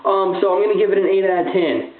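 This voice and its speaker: A man's voice: high-pitched, fast talker. Man with a tinny echoey recording. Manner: rambling, full of "like" and "um" fillers. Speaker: movie reviewer. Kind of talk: casual spoken movie review. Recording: tinny lo-fi sound in an echoey room.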